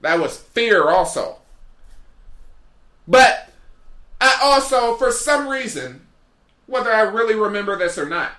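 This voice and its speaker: Podcast host, male, bright edgy tone, wandering comedic monologue full of tangents. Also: high-pitched, animated, a little slow, pauses often. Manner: rambling, goes off on tangents. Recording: roomy echo.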